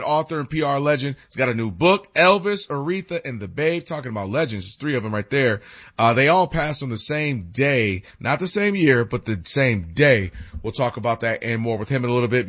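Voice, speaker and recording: A man's voice: medium pitch, a bit bright, lo-fi sound. A man co-hosting a radio show, chatting in a laid-back, slangy way. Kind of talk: casual sports radio chat.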